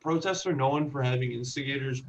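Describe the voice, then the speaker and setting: A man's voice: medium pitch, fairly quick. A man in casual chat with friends, retelling a video with acted-out quotes and plenty of swearing. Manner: animated storytelling, acts out quotes, swears freely. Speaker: podcast co-host. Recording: muffled lo-fi audio.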